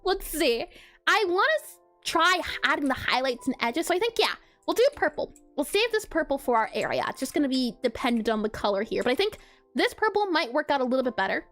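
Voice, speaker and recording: Bubbly, very high-voiced woman streamer. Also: big pitch swings, quick pace, fairly bright tone, faint music behind. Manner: bubbly, chatty, laughs often, reacts to chat. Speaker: pixel art streamer. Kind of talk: casual live-stream chat while drawing.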